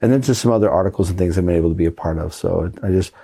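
Male priest guest, deep dark voice, earnest and reflective. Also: racing, gravelly, slightly rough. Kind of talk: interview conversation.

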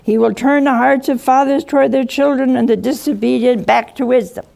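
An older woman giving a lively sermon, acting out voices from the story and chuckling often. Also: high voice, a little fast, vocal fry. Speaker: preacher.

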